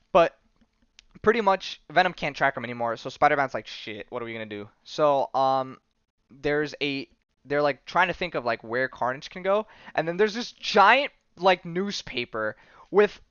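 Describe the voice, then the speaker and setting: A male podcast host talks through a comic plot in a loose, rambling way, full of fillers and quick laughs. His voice is smooth and clear, at an ordinary pitch for a man. The recording is dry and slightly dull. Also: fairly bright tone, dry recording. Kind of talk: casual comic-book recap.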